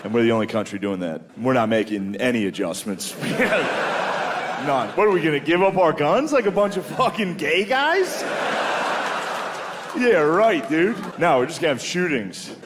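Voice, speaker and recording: A man's voice: on the high side, animated, a little slow, noisy background. A man doing stand-up comedy, crude and profane, chuckling at his own jokes and saying dude a lot. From United States. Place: comedy stage before a live audience.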